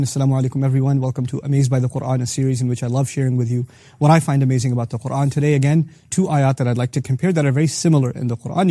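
A man teaching a lesson on the Quran, earnestly rephrasing each phrase several ways and reciting Arabic verses quickly between his English explanations. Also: mid-range voice, warm tone, no echo, studio quality. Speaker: Quran teacher hosting a series.

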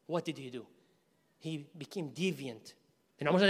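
A man gives an animated storytelling sermon in a high voice, acting out the people in his story and raising his voice at the peaks. His words ring out with a long echoing reverb, as in a large hall with an audience. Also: moderate pace, pauses often, husky. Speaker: preacher.

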